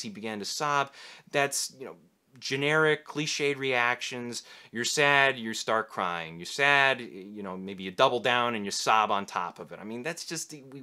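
A man's voice: mid-range voice, bright, forceful tone. A young man giving casual, candid writing advice to camera, blunt and a little sarcastic. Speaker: writing teacher.

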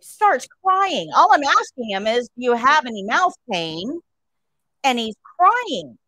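A woman's voice: sits high, big pitch swings, takes it slowly, bright, forceful tone, no room sound, low-quality recording. A woman nursing instructor telling a story to her class during a livestream, asking rhetorical questions as she goes.

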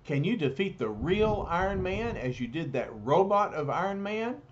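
A man reading a storybook aloud, voicing a cowardly, scheming male dictator who turns panicky and shrill. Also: big pitch swings, moderate pace, dull audio.

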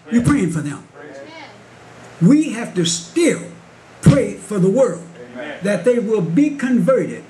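A man preaching a Pentecostal sermon at a Bible study, telling a story and rising into shouts with call-and-response. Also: high-pitched. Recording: congregation noise in a church hall. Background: congregation responding.

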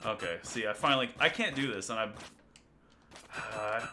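A man's voice: fairly low pitch, animated, normal speed, pushed and bright, slight background noise. A young man casually commenting on a game he plays live, chatting and laughing with his viewers. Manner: chatty, laughing, talking to chat. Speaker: streamer. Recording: game music behind the voice.

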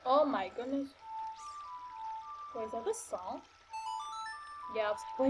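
A woman's voice: high-pitched, animated, moderate pace, long pauses. A young woman casually commenting while playing a video game, chatty and scattered, with lots of fillers and exclamations. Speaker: gaming channel host. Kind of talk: casual let's-play commentary. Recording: faint game music behind.

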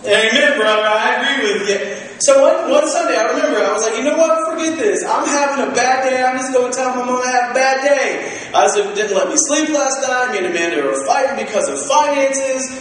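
Casting: young male pastor, high voice, lively storytelling sermon, recorded far off in a church. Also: brisk, a little hiss or hum. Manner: animated storytelling with acted-out quotes. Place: church sanctuary. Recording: echoey hall from far off.

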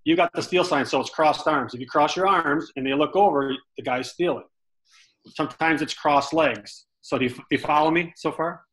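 A man's voice: a little high, moderate pace, low-quality recording. A middle-aged man casually telling baseball stories in an interview, acting out the quotes he tells. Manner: animated storyteller who acts out quotes with swearing.

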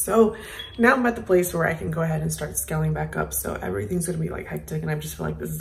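Tearful young woman with a gravelly voice. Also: low-pitched, expressive, quick pace, a little hiss or hum. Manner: emotional, confessional, with soft laughs. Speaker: vlogger. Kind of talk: casual personal vlog. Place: indoors at home, then an airport.

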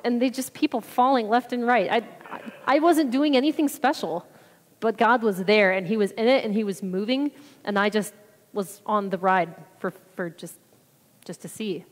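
A woman giving a chatty, rambling mission trip report at church, acting out what people said. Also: fairly high pitch. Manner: chatty, rambling, acts out quotes. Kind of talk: casual testimony talk. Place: church sanctuary. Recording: reverberant hall.

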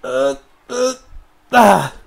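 A young man commenting on his own gameplay in a high voice that leaps all over the place. He swears freely and shouts at the game, then drops into muttered asides. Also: very animated, very slow, vocal fry. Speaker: let's play commentator.

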